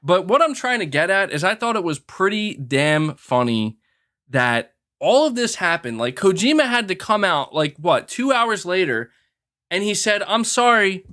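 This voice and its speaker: A man hosting a gaming podcast, talking in a casual, animated rant and acting out quoted people. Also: high voice, normal speed. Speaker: podcast host.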